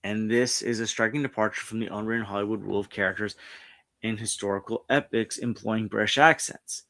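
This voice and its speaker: A man's voice: fairly low pitch, steady tone, a little fast, gravelly, bright, forceful tone. A man hosting a casual pop culture stream, reading articles aloud and rambling with frequent restarts. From New York. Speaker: streamer host. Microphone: streaming setup mic.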